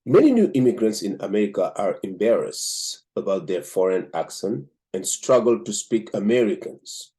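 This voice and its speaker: A man from Africa with an African accent hosts a show, reviewing a book and reading it aloud in a measured way with frequent "um" pauses. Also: lowish voice, very animated, dark tone. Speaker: host and book reader.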